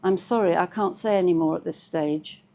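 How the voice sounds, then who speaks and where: A woman reading the lines of a calm, polite male police detective inspector with a mellow, pleasant voice. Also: on the low side, normal speed, creaky.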